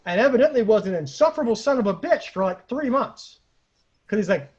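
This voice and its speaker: Husky middle-aged guy spinning a funny story over a muffled video call, voice all over the place. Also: sits high, a little fast. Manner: lively, profane anecdote telling with acted quotes. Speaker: storyteller host. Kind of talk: casual storytelling.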